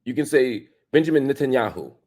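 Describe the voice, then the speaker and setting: A man's voice: animated, fairly quick, darkish tone. A man hosting an opinion commentary show, arguing emphatically with rhetorical questions and casual slang. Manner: emphatic, rhetorical questions, pitch jumps for stress.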